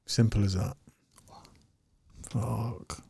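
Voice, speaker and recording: A man's voice: lowish voice, steady tone, very slow, gravelly, dark tone, slightly rough, no room sound. A man hosting a podcast interview, asking hesitant, reflective questions. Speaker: podcast host. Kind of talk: casual interview.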